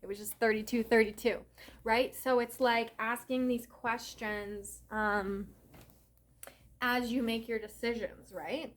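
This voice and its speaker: A woman's voice: a little high, steady tone, slow pace. A woman giving a casual spiritual talk as a reader and yoga teacher, earnest and chatty, often checking in with "right?" and "okay?", with the odd curse. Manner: earnest, mildly profane.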